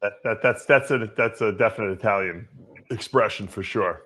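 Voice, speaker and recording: A man co-hosting a podcast in animated casual chat, often repeating words as he gets going. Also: lowish voice, normal speed. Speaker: podcast co-host.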